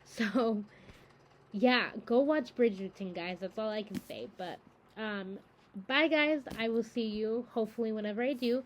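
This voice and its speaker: A woman's voice: fairly high pitch, measured pace, a little hiss or hum, low-quality recording. Rambling, chatty young-sounding woman. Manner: rambling and enthusiastic, many fillers. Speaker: book-reading channel host. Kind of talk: casual chat to camera.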